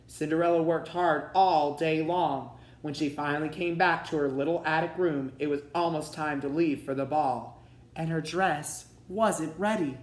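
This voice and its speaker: Guy reading a kids story out loud, echoey room. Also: a little high, moderate pace. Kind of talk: read-aloud storybook narration. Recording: roomy echo.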